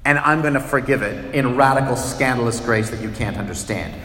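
A man preaching a sermon as a pastor, animated and acting out little scenes with shifting voices. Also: mid-range voice, a little fast, roomy sound, long reverb tail.

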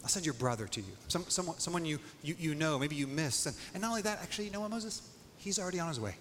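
A preacher speaking as God in the first person, earnest and reassuring, declaring mercy and patience. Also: male voice, a little high, expressive, fast talker, a bit bright. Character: merciful, patient divine male voice of God. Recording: long hall reverb, faint noise.

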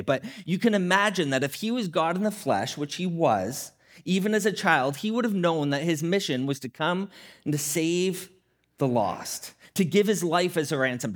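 A man delivers a sermon with a lively, swooping voice, set a little higher than most men's. He talks conversationally, as a pastor in his thirties, and acts out short quotes as he goes. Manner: animated, conversational preaching with acted-out quotes.

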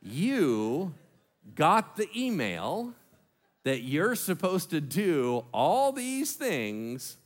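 A man preaching a sermon as pastor, joking and acting out little voices as he teaches. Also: a little high. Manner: animated, joking, acts out voices.

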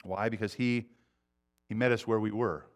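A middle-aged man preaching a sermon, earnest, swinging between loud urgency and quiet intensity. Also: on the low side, fairly even intonation, normal speed. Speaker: pastor.

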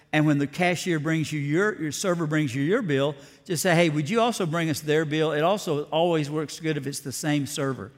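A pastor gives a folksy, storytelling sermon. His man's voice sits a touch high for a man. It rings out with a long echo as though he is in a large sanctuary. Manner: folksy, storytelling, down-to-earth preaching. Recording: long hall reverb.

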